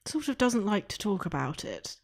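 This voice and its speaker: A woman playing a character in a tabletop game, speaking hesitantly with many pauses and fillers. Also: mid-range voice, very animated, gravelly. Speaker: player. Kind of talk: casual chat in character.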